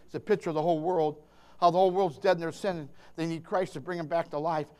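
Fiery high-voiced male preacher. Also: fairly even intonation, quick pace, clear, resonant tone. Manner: impassioned, emphatic, swings between hushed and shouting, calls out to listeners; stammering restarts. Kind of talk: fervent sermon.

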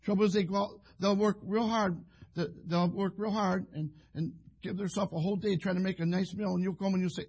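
A man's voice: high voice, a little fast, creaky, darkish tone, slightly rough. A man preaching a sermon in a folksy, rambling way, acting out little scenes between husbands and wives. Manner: folksy, rambling, acts out quoted couples.

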